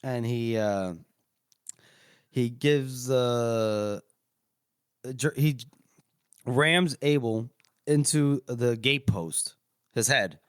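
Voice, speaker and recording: A man's voice: mid-range voice, no echo. Man with a dry, rambling story voice. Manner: loose, rambling retelling with crude swearing. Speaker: podcast co-host recapping chapters. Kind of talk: casual chat, retelling a story.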